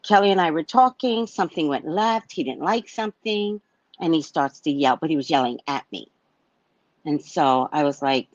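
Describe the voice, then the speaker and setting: A woman's voice: low-pitched, moderate pace, dry recording. Woman, casual storytelling, blunt, profane, slightly dull lo-fi sound. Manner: animated, blunt, swears freely, acts out heated exchanges. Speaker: psychic reader sharing a personal story.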